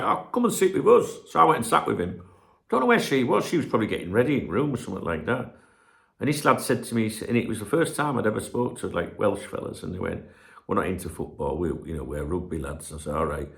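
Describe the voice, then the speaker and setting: A man's voice: medium pitch, creaky, fairly bright tone. A middle-aged man hosting his own channel, chatting casually at home, rambling, losing his train of thought and swearing freely. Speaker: channel host. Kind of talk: casual rambling chat to camera. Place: home room where he streams.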